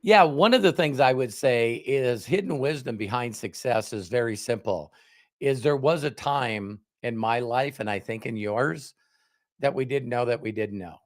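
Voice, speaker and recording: Animated older man telling stories. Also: mid-range voice, normal speed. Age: 60s. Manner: animated storytelling with quoted voices. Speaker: host. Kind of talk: casual panel talk on a livestream.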